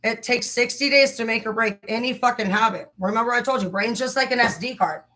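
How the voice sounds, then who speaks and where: A woman's voice: fairly high pitch, brisk, pushed and bright, low-quality recording. A young woman hosting a livestream, talking in a heated, profane, rambling way. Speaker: livestream host. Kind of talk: casual livestream rant.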